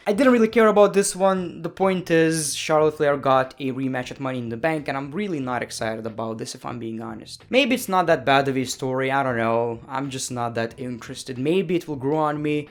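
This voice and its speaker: Chatty man reviewing wrestling. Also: a little high. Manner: chatty, opinionated, with frequent fillers and self-corrections. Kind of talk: casual review commentary.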